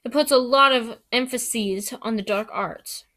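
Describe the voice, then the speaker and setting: Woman doing a brisk know-it-all schoolgirl. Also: a little high, sharp tone. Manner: matter-of-fact, brisk.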